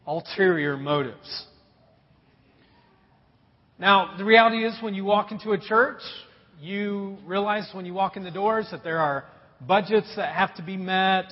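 A man's voice: high voice, big-room sound, muffled recording. A male pastor giving a conversational sermon, with jokes and stories woven in. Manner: conversational, joking storyteller.

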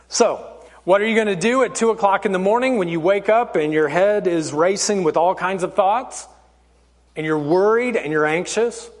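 A man preaching a sermon as pastor, slow and emphatic, calling his listeners folks. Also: extremely high pitch, a bit bright, big-room sound. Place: church.

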